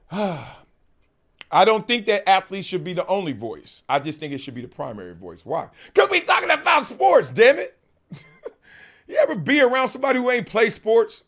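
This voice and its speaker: Animated high-voiced man hosting a talk show. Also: moderate pace. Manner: emphatic, laughing, slangy, acts out quotes in mocking voices. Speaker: host.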